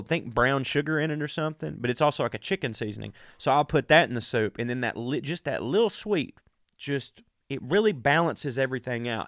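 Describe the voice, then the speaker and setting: A man's voice: mid-range voice, fairly bright tone, no echo. Profane man, dry close sound. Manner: profane, chatty, talks straight to listeners. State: sick. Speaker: podcast host. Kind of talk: casual monologue.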